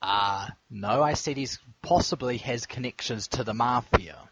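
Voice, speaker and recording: A man's voice: medium pitch, unhurried, fairly bright tone, breathy edge, no echo. A man with a New Zealand accent, co-hosting a podcast in casual chat full of crude banter. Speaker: podcast co-host. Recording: dull lo-fi recording.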